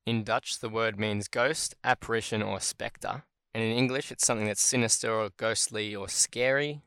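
Low-ish guy doing a solo podcast, chatty, kinda thinks out loud, dead dry mic. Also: creaky, clear, resonant tone, dry recording. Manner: casual, thinks aloud and self-corrects. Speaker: podcast host. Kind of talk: solo word-origin podcast chat.

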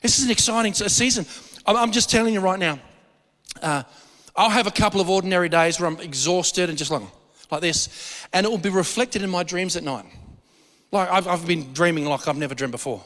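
Fervent high-voiced pastor preaching. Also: male voice, fairly bright tone, big-room sound. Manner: fervent, rising to a rapid chant in prayer. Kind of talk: sermon. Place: church sanctuary.

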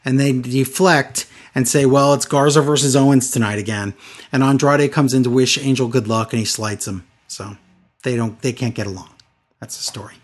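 A man with a husky voice giving a sarcastic, mocking recap in casual chat. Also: mid-range voice, fairly even intonation, moderate pace. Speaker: podcast co-host recapping wrestling.

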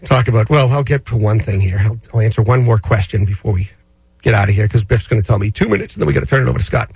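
A man's voice: fairly low pitch, rapid-fire, creaky, a little mellow, breathy edge, dry recording. A man hosting a casual radio talk show, chatty and rambling. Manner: chatty, rambling, with many fillers and restarts. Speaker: radio show host answering listener finance questions.

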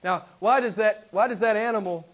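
A man preaching a sermon, swinging from loud emphasis to hushed pleading and acting out quoted voices in a mocking tone. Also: high voice, brisk. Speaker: pastor.

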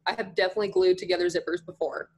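A young woman chatting casually as a podcast guest, full of "like" fillers and animated storytelling. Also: on the low side, racing. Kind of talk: casual chat.

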